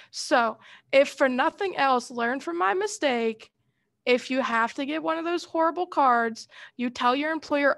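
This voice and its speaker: Woman college instructor, high voice, dry close sound, chatty and heated when telling a story. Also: measured pace, creaky, fairly bright tone, no room sound. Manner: casual, heated storytelling with mild slang. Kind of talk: classroom lecture with a personal anecdote.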